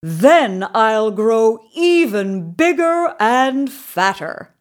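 A woman's voice: on the high side, big pitch swings, extremely slow, pitched above the performer's own voice, heavily acted. A woman voicing a big, brave male billy goat in a storybook reading, speaking firmly. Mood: hopeful.

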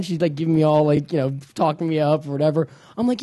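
Young guy rambling fast on a podcast, laughs at himself, dry close sound. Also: on the high side, dark tone, no echo. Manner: rambling, self-deprecating, restarts often. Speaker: podcast co-host. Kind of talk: casual chat, storytelling.

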